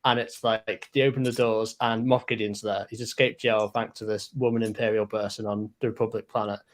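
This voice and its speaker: A man's voice: on the low side, flat delivery, brisk. A man in a casual chat, rambling and stubborn, full of "like" fillers.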